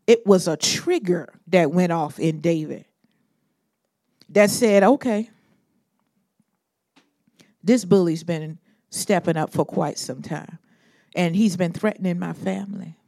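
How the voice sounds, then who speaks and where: Animated woman preacher, dark warm voice. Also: fairly low pitch, takes it slowly, vocal fry, pauses often, no room sound, clean studio sound. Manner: animated preaching, acts out Bible figures in modern slang; swings between loud emphatic bursts and hushed asides. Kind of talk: sermon.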